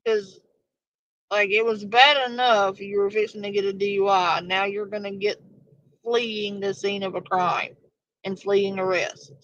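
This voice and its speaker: A woman with a drawl delivers unhurried reaction commentary, blunt and sarcastic, with plenty of swearing. Her voice is bright and sharp, and the recording is dry and close. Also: medium pitch, steady tone, no room sound, muffled recording.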